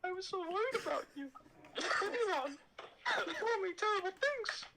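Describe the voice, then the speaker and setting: A man voicing a young woman senator, pleading and heartbroken, in a high falsetto. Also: expressive, normal speed, pushed and bright, slight background noise, exaggerated voice.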